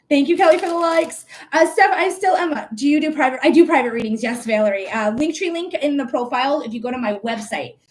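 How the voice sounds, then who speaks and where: A woman with a slightly high voice hosts a live reading stream in casual chat. She talks bluntly and animatedly, swears without hesitation and breaks off to greet viewers, close to the mic. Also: a little hiss or hum. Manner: blunt, outspoken, swears freely; animated, quick asides to viewers. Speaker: psychic reader hosting a live stream.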